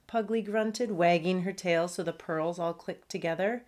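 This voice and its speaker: Expressive woman author reading aloud slowly. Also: low-pitched. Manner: warm storyteller, expressive. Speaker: children's book author. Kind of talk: reading a chapter book aloud.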